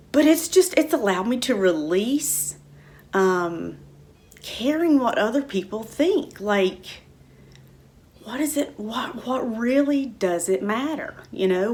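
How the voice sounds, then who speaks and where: A middle-aged woman talking casually and warmly about her own life, rambling with many fillers and restarts. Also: medium pitch. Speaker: spiritual center speaker. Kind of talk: casual personal talk.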